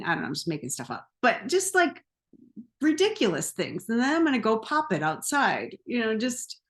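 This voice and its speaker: A woman coaching viewers in a relaxed, conversational way, often laughing and adding animated asides. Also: mid-range voice. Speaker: empowerment coach. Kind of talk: casual talk to camera.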